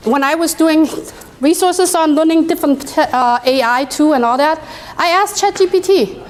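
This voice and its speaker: Woman presenter, high voice, chatty workshop delivery with phrasing. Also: moderate pace. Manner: conversational, non-native phrasing. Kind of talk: conference presentation.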